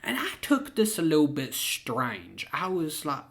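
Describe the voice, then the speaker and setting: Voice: medium pitch, huge pitch swings, unhurried, a bit bright. A young adult, telling a story in a casual, profane, laid-back way. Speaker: vlogger.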